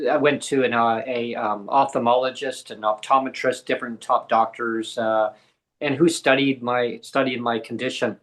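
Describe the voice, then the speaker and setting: A man's voice: medium pitch, fairly bright tone. Guy on a podcast rambling through a story, lots of ums, doing little voices for people. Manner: rambling, many fillers, acts out quoted dialogue. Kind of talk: casual storytelling in a video podcast.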